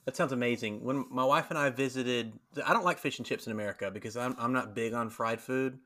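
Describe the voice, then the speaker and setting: A man's voice: medium pitch, fast, sharp tone. A man hosting a casual podcast, chatty and self-deprecating, often laughing. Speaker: podcast host.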